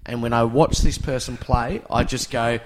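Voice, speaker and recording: Mid-pitched male host, eager and joking, casual chat. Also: steady tone, normal speed. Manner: enthusiastic, jokey, prone to laughing asides. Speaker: podcast host.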